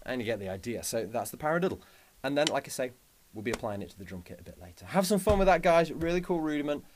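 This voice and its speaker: A man's voice: mid-range voice, very animated, fast, noisy background. A man teaching a drum lesson, upbeat and chatty, counting out sticking patterns aloud. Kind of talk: instructional lesson. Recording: loud drumming behind voice. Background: loud drums.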